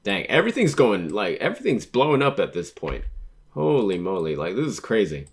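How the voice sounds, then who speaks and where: A man reading a manga aloud and reacting to it. He gets excitable and stammers when something surprises him. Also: lowish voice, a little fast, breathy edge.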